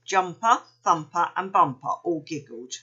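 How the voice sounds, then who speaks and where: Slow, bright-voiced woman reading a story. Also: lowish voice, slightly rough, lo-fi sound. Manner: expressive, unhurried.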